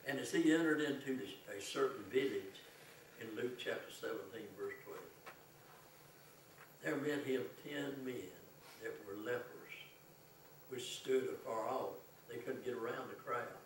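A man preaching a sermon as pastor, reading scripture aloud and breaking into fervent shouts. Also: medium pitch, measured pace, a little hiss or hum. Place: church sanctuary. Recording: very echoey church, voice from far off, faint ambience.

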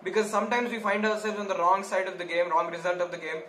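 A man commentating his own football management game, talking casually, nervous and excitable, swinging between mutters and shouts. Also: high-pitched, quick pace, echoey room, a little hiss or hum, low-quality recording. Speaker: gaming YouTuber. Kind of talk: Let's Play commentary.

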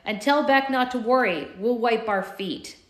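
A woman's voice: a little high, normal speed, roomy sound, pitched above the performer's own voice, lightly acted. A woman reading as a cocky, sarcastic hero. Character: cocky, sarcastic young male hero leader.

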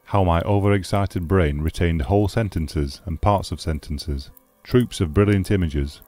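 Brief: male audiobook narrator, low dark tone, dry close sound, faint music under. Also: normal speed, no echo. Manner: steady, grave storytelling. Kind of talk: scripted narration.

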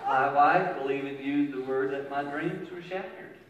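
A middle-aged man giving a humorous storytelling sermon on parenting, animated and swinging from loud punchlines to hushed asides. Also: normal speed, highs cut off. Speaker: speaker on parenting. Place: large hall with an audience. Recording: booming echoey hall from far off, with ambient noise.

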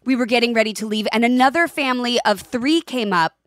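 A woman in her forties co-hosting a podcast, casual chat, telling lively anecdotes and acting out the voices in them. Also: on the high side, fast talker, no echo. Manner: animated storyteller, acts out voices in anecdotes. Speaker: podcast co-host.

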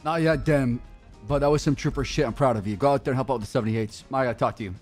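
A young man streaming game role-play, chatting excitedly and swearing often. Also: mid-range voice, rapid-fire, soft background music. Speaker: streamer playing a police officer. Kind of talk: casual role-play chat.

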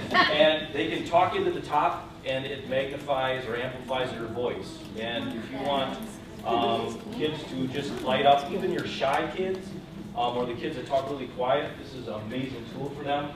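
A man giving an enthusiastic, fast-paced demo of classroom gadgets at a public event. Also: mid-range voice. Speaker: presenter. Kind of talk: quick demo talk. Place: museum event room. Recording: echoey room from far off, noisy.

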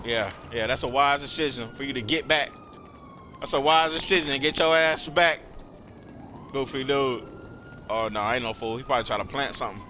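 A man's voice: medium pitch, normal speed, noisy background. A young man giving live gameplay commentary, slangy and trash-talking other players. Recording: loud game sounds under the voice.

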